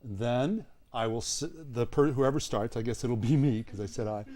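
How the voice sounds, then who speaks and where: An improv performer explaining the rules of an accent warm-up game on stage. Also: mid-range voice, normal speed.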